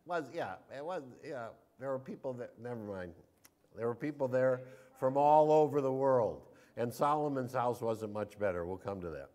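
A man's voice: medium pitch, moderate pace, a little mellow. A man, a pastor, leading a Bible study, reading scripture aloud with emphasis and questioning the group.

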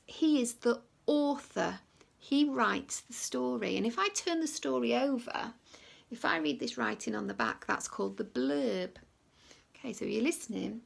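A woman teacher reading a picture book aloud to young children, lively, with hushed whispered asides. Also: fairly high pitch, gravelly, slightly rough.

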